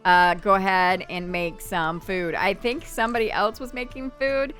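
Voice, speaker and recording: Bright, chatty woman gaming host. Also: medium pitch. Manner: chatty, voices her Sims' thoughts in quick asides. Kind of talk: casual gameplay commentary. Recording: faint background game music.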